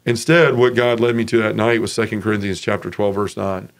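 A man giving an earnest, emotional personal testimony as an interview guest, acting out other people's voices as he tells the story. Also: brisk. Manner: animated, acts out others' voices with raised pitch.

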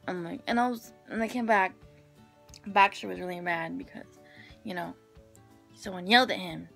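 Bright-voiced woman chatting to camera. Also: fairly low pitch, normal speed, gravelly, faint music behind. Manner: rambling, filler-heavy storytelling. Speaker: vlogger. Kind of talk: casual chat to camera.

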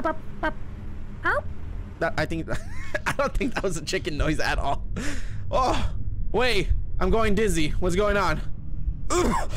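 A man streaming a horror game live, excitably chatting with his viewers as he plays. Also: sits high, slight background noise. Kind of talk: live gameplay commentary.

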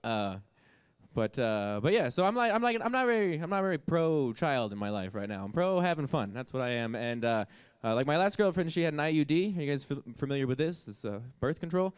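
Young male stand-up, casual rambling delivery, a bit high, clean and dry. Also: lively intonation, a little fast, clean tone, no echo. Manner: rambling, offhand, heavy on filler words. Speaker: stand-up comedian. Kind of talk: stand-up comedy set. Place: comedy stage with a live audience.

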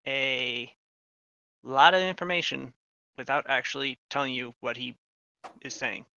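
Gravelly, wry game master man. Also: medium pitch, measured pace, bright, forceful tone, no echo, dull audio. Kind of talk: running a tabletop game.

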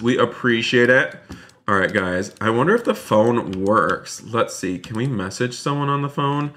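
Excitable man streaming a game. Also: mid-range voice, measured pace. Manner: excitable, talks to chat, repeats himself. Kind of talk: live gameplay commentary.

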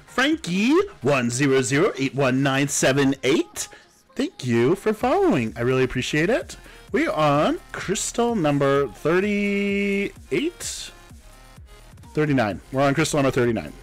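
A man's voice: a little high, sing-song, a little slow. Young male game streamer, a bit sick with a cough, casual and chatty, with faint music behind. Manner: casual, chatty, thanks viewers by name. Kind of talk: live-streamed game commentary.

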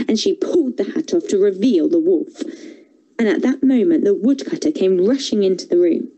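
A woman telling a fairy tale for children in a theatre workshop, expressive and playful. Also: mid-range voice, moderate pace, slightly rough, rough recording. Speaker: storyteller, theatre workshop leader. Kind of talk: animated storytelling for children.

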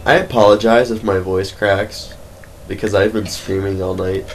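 A man's voice: sits low, fairly even intonation, moderate pace. A young man chatting as co-player during a casual gameplay session, jokey and interjecting. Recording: noisy home recording.

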